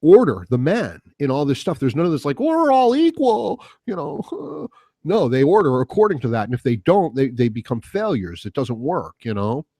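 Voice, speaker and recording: A man's voice: medium pitch, animated, brisk, dark tone, slightly rough, no echo, studio quality. A man hosting a solo podcast, ranting casually in a rambling, profane way with lots of fillers. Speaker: podcast host.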